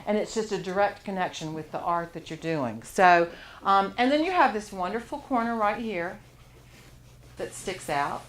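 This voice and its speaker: A woman's voice: mid-range voice, animated, moderate pace. Encouraging woman teaching a drawing class. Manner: encouraging, laughs often. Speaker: art teacher. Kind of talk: live charcoal drawing class.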